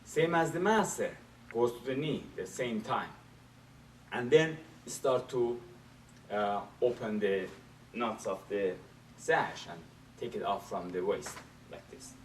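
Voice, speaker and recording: A man teaching a martial arts class, explaining step by step in a halting way and repeating phrases while he demonstrates. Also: fairly low pitch. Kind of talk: demonstration lesson. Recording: echoey room from far off, faint hiss.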